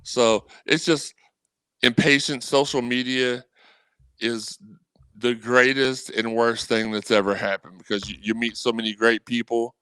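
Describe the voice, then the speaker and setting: A man on a podcast as a guest, talking sports in a rambling, animated way. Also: medium pitch, unhurried, clean tone, no room sound. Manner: animated, rambling, quotes people in voices. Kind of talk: casual sports talk.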